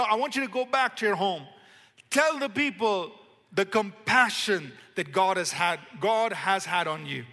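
A male preacher delivers a sermon in a bright, forceful voice that sits somewhat high. His emphatic delivery slows down on key phrases. The sound carries the long reverb of a large hall. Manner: leads congregation in call-and-response.

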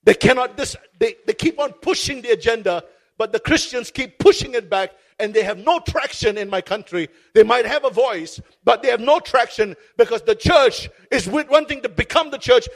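A man's voice: extremely high pitch, lively intonation, normal speed, fairly bright tone. A man pastor preaching a sermon from a stage, telling his story with passion and repeating phrases for effect. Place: stage before a congregation.

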